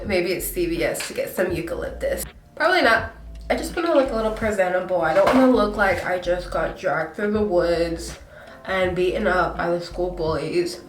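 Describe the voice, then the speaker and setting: A woman's voice: fairly low pitch, roomy sound, far from the mic. A congested young woman with a stuffy nose, chatting and apologizing her way through a casual get-ready-with-me vlog at home. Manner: chatty, self-deprecating, apologetic. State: breathing hard. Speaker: beauty vlogger.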